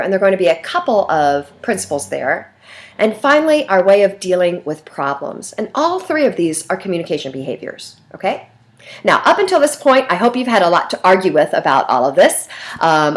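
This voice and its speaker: A middle-aged woman giving a recorded lecture in a lively, conversational way, often checking in with "right?". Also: medium pitch. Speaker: instructor.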